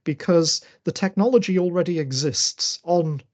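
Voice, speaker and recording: A man's voice: fairly high pitch, normal speed, darkish tone. A man giving an online masterclass talk and answering questions on a video call, thinking aloud with many fillers and restarts. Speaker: lecturer.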